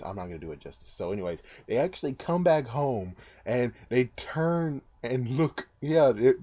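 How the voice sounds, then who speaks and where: Rambling man with a mellow low voice. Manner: excitable, rambling, mild swearing. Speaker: book reviewer. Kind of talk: casual rambling review.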